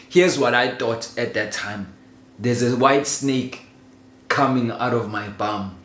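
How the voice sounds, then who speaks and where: Man, animated storyteller, slow deliberate pace, roomy echo. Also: medium pitch. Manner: animated, laughs through the telling, swears freely. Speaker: vlogger telling a childhood story. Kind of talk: casual personal storytelling. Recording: roomy echo with faint ambient noise.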